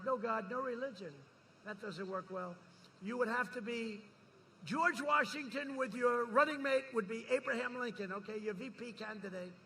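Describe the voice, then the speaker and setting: Forceful boastful man at a rally. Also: extremely high pitch, slight background noise. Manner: boastful, repetitive, crowd-rousing. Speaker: politician speaking at a campaign rally. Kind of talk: campaign rally speech.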